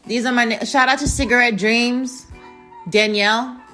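A woman's voice: a little high, fairly even intonation, moderate pace, soft background music. Profane rambling woman podcaster. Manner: gives shout-outs to listeners. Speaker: podcast host. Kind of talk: casual monologue.

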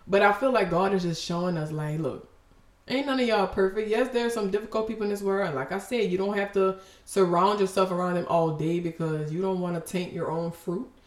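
A woman's voice: medium pitch, a little fast. Female devotional podcaster, emotional and fervent; mid-range voice; echoey room. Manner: fervent, preachy, breaks off with exclamations. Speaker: podcast host giving a devotional.

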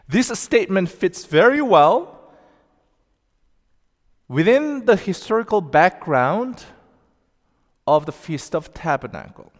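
A male pastor preaching a sermon, slow and deliberate, with emphatic rising outbursts. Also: high-pitched, wildly swooping pitch. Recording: long reverb of a large hall.

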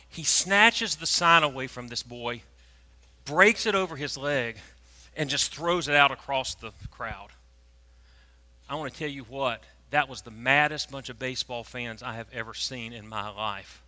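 A preacher, telling a story in a sermon and swinging from hushed tones to loud, animated moments. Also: male voice, mid-range voice, a little slow. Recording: long reverb of a large hall.

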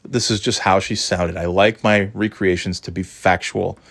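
A man's voice: deep voice, steady tone, normal speed, gravelly, fairly bright tone. A man telling a rambling, wry, self-deprecating story in a casual vlog. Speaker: vlogger.

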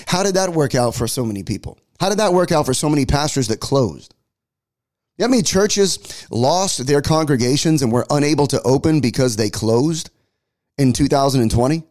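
A man's voice: medium pitch, expressive, normal speed, a little mellow. A man, a pastor giving an impassioned political commentary monologue and repeating words as he builds each point. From United States.

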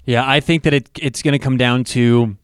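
A man co-hosting a casual sports talk show, analyzing a college football matchup with quick, enthusiastic asides. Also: medium pitch, steady tone, smooth, no room sound, studio quality.

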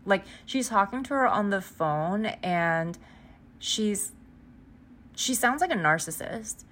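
A woman's voice: medium pitch, lively intonation, takes it slowly, fairly bright tone, a little hiss or hum. Rambling, sidetracked woman podcaster. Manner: rambling, sidetracked, heavy "like" filler; swears casually. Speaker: podcast host. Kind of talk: casual book recap.

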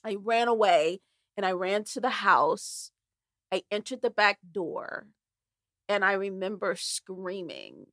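A woman with a bright, forceful voice, recorded close and dry, tells a candid personal story. She is animated and dramatic and acts out the voices as she goes. She speaks as a guest on a conversation show. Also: medium pitch, slow pace, no room sound.

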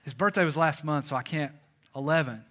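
A man's voice: on the high side, a little fast, fairly bright tone. A man preaching a sermon, conversational and joking and calling on the congregation to respond. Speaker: pastor.

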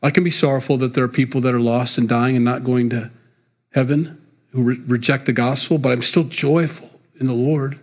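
A man's voice: mid-range voice, fairly even intonation, a little fast. A middle-aged man preaching a sermon as pastor, talking in a loose, conversational way and chuckling between points.

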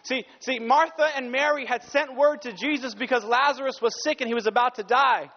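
A man's voice: very high-pitched, steady tone, a little fast, big-room sound, lo-fi sound. A male pastor preaching a sermon with passion, sometimes stopping to correct himself.

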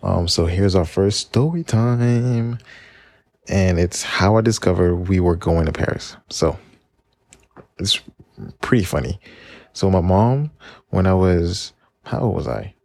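A man's voice: sits low, animated, measured pace, gravelly, pauses often, darkish tone, no echo. A man in his late twenties from Maryland, hosting a casual solo podcast and telling stories in a chatty, rambling way with self-corrections. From Maryland, United States. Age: 20s. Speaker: podcast host.

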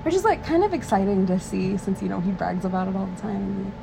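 A woman co-hosting a podcast, chatting casually about a film with animated, giggly reactions. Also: medium pitch, vocal fry, noisy background. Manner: animated and giggly, quick rising exclamations. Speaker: podcast co-host. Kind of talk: casual chat recapping a film.

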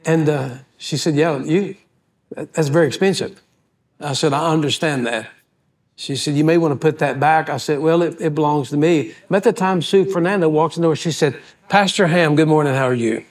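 A pastor delivers a storytelling sermon in a folksy, animated way. His voice sits a little high for a man. He acts out the other people in his stories as he goes. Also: a little fast.

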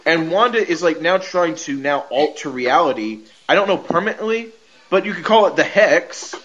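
A man's voice: on the high side, animated, normal speed, fairly bright tone. A man hosting a podcast, recapping an episode in a rambling, casual way, full of "like," restarts and frequent laughter. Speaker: podcast host. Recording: dull lo-fi recording with faint noise.

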